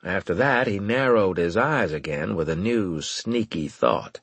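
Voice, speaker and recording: A man narrating a first-person audiobook with wry, lively storytelling. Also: low voice, unhurried, hardly any pauses, husky, dry recording.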